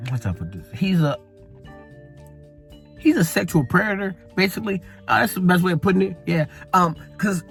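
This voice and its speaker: A man giving a casual, rambling movie review in a blunt manner and swearing freely. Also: on the high side.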